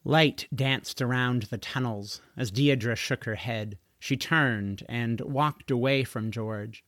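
Storybook narrator, male, gravelly texture, expressive measured delivery. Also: medium pitch, no echo, clean studio sound. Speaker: audiobook narrator. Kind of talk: storybook reading.

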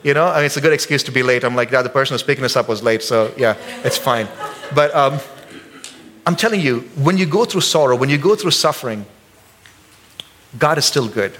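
A man preaching a sermon as pastor in a church service, casual and joking with the congregation, jumping high in pitch when acting out quotes. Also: quick pace, fairly bright tone, a little hiss or hum.

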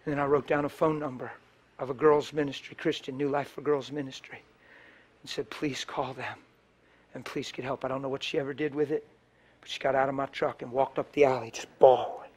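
A man, a pastor, preaching a sermon with passion, swinging from loud bursts to hushed storytelling. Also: mid-range voice, little pitch movement, fast talker.

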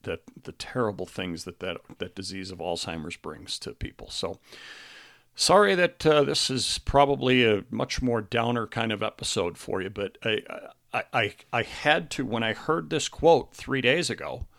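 Middle-aged male podcast host, grieving, halting and earnest; low voice with a gravelly edge. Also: expressive, a bit bright. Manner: halting and earnest, with many restarts. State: grieving, close to tears. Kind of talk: personal monologue.

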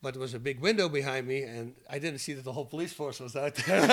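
A man as a podcast guest, telling lively anecdotes and laughing through his own stories. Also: mid-range voice, moderate pace. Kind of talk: animated storytelling.

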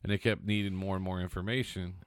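Man, podcast co-host, very low voice, rambling storyteller, restarts sentences, dry close mic. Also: flat delivery, fast, clean tone, dry recording. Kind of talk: casual chat, storytelling.

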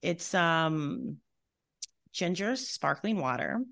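Midlife woman, low voice, rambly chatty podcast talk, swears a lot, dry close sound. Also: expressive, slow pace, gravelly, fairly bright tone, no room sound. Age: middle-aged. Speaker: podcast co-host. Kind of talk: casual chat.

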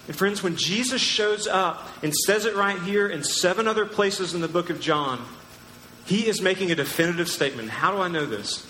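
Emphatic pastor in an echoey hall. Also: male voice, high voice, normal speed, pushed and bright, a little hiss or hum. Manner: emphatic, teacherly, asks the crowd questions. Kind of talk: sermon. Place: large church hall. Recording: echoey church hall with long reverb.

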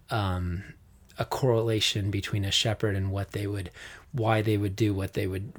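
A man with a low voice talks through scripture in an earnest, unscripted way. He stumbles and restarts often, fills pauses with ums, and reads the psalm slowly and tenderly. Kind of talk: casual devotional talk, reading scripture.

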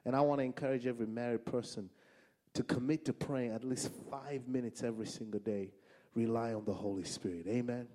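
A man's voice: medium pitch, a little fast. A man from Africa preaching a sermon, telling funny stories and repeating lines for emphasis. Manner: animated, humorous storytelling with emphatic repetition.

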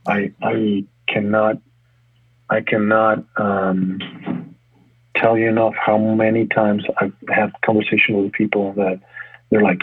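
Husky-voiced man on a tinny line. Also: lowish voice, dry recording. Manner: energetic, talks in quick restarts. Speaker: gym owner and fitness coach. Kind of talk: casual interview talk.

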